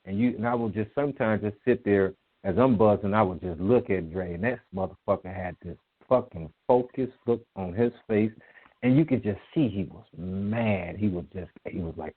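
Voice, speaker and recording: A man who is a music promoter, a guest telling old stories in a casual, profane, animated way, acting out what people said. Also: lowish voice, normal speed, breathy edge. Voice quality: profane, animated, acts out quotes. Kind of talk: casual storytelling interview. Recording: tinny phone line.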